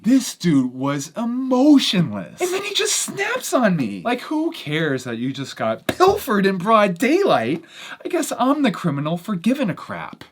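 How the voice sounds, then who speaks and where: A woman's voice: low voice, huge pitch swings, a little slow, husky. A woman vlogger animatedly retelling a strange story in an exasperated storytime vlog.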